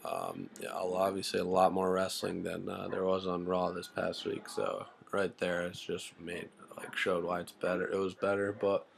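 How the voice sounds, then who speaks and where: A man with a deep, gravelly voice talks through a wrestling show recap in a loose, rambling way. He drops "uh" and "like" constantly and mixes in blunt, profane opinions, all in a flat, level delivery. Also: moderate pace, hardly any pauses, a little hiss or hum. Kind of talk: casual spoken recap.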